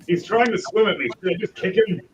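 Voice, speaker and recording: A man's voice: sits high, fast, far from the mic, faint music behind, poor audio. A man running a tabletop game as game master, narrating theatrically.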